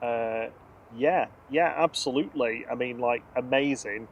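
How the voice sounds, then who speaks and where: A man's voice: mid-range voice, measured pace, breathy edge, dull audio. A man hosting a live stream, chatting and reading out flight numbers and viewer comments. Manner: reads out flight numbers and registrations matter-of-factly; chats and reads viewer comments aloud. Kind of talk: casual live plane-spotting commentary.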